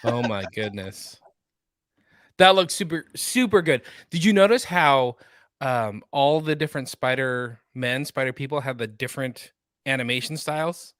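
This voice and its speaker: A man's voice: medium pitch, normal speed, fairly bright tone, dry recording. A man co-hosting a casual pop-culture podcast, chatting enthusiastically and cracking jokes. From Sacramento area. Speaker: podcast co-host.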